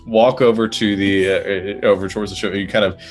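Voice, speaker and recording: A man's voice: on the low side, steady tone, faint music behind. A man narrating a tabletop game as game master, playful and laughing often. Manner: laughing often, playful, does quick character voices.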